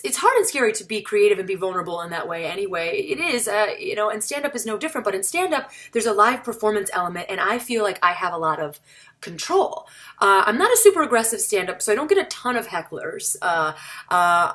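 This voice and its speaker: A woman's voice: medium pitch, fairly bright tone. A woman comedian talking casually to camera, chatty and self-mocking, indoors on a camera mic. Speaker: stand-up comedian vlogging. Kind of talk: casual to-camera vlog talk.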